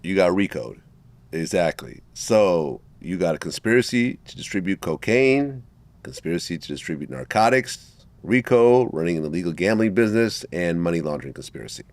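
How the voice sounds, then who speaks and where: A man's voice: deep voice, lively intonation, moderate pace, darkish tone, dry recording. A man hosting an interview who sums up the case and asks short questions. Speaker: interview host.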